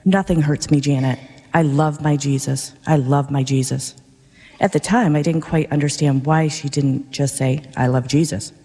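A woman parishioner reading her personal faith testimony aloud in a sincere, measured, gentle way. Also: low voice. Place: large church. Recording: long church reverb.

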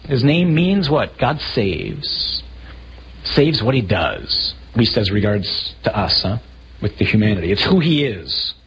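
A priest giving a sermon to a group of men, animated, asking rhetorical questions and acting out the scene he describes. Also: fairly low pitch, unhurried, breathy edge, highs cut off. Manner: acts out scenes vividly.

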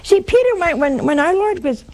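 A woman preaching a sermon in a conversational, dramatic way. Her pitch swings sharply, and she sometimes drops to hushed asides. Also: very animated, normal speed. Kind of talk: sermon to a live and broadcast audience.

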